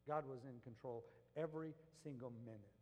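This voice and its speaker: A male pastor preaching a sermon, moving between hushed, earnest tones and impassioned shouting. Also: mid-range voice, moderate pace, muffled recording. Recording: long reverb of a church hall.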